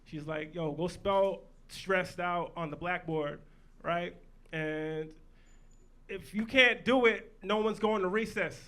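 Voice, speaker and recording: A man performing a stand-up set in a comedy club, loud and profane, telling punchy stories. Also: high-pitched, slow pace. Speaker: stand-up comic.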